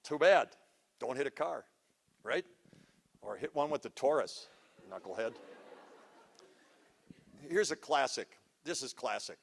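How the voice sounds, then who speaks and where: A middle-aged man giving a live parenting talk to an audience, joking, goofy and energetic, teasing the crowd. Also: medium pitch, moderate pace, vocal fry, long pauses, a little hiss or hum. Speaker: parenting seminar speaker. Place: school event before a live audience.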